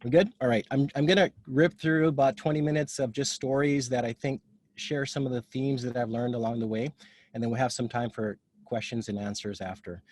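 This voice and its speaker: Casual, husky-voiced man telling stories. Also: mid-range voice, steady tone, darkish tone, no echo. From Hawaii. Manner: casual, open, talks in quick bursts. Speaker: guest speaker. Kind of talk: informal talk. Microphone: video call.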